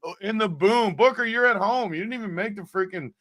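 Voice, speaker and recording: A man's voice: high voice, a little fast, a bit bright. A man co-hosting a casual sports betting show, ranting and bantering. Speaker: co-host.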